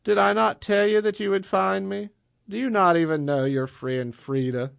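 A man reading a story voices a tall, mocking woman of power who teases and taunts in quick patter. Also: high voice, steady tone, creaky, no echo, studio quality, pitched above the performer's own voice. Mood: taunting.

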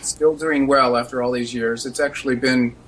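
A middle-aged man, an author being interviewed on radio, answering in a measured, thoughtful way. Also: mid-range voice, steady tone, a bit bright, a little hiss or hum, low-quality recording. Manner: measured, thoughtful, with some fillers. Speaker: author guest.

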